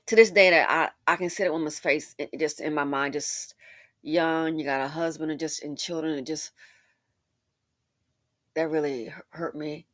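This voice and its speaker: A woman host giving impassioned social commentary, swinging between loud emphasis and hushed asides. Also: low-pitched, fairly even intonation, moderate pace, no echo, studio quality.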